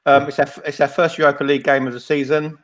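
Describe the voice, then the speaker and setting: A man's voice: medium pitch, level tone, fast. A man hosting a casual football fan podcast, laid-back and self-mocking, with many ums. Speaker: podcast host.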